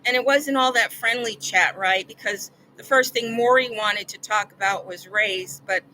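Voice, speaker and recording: A woman's voice: medium pitch, normal speed, sharp tone, slight background noise, poor audio. An older woman vlogging, telling a personal story in an earnest, rambling way that repeats words when she gets upset.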